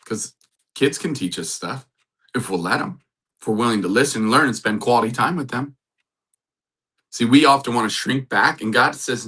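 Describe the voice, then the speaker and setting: A man hosting a faith-based talk, urging love and repeating affirmations in a soft, earnest way. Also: medium pitch, normal speed, husky. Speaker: host and matchmaker.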